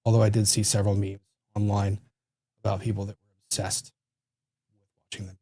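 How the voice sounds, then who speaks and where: A man's voice: fairly low pitch, flat delivery, brisk, dark tone, no room sound. A man hosting a casual livestream from a home studio, chatting with viewers in a loose, self-deprecating way and reading their comments aloud while he fiddles with his desk microphone. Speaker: livestream host. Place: small home studio room.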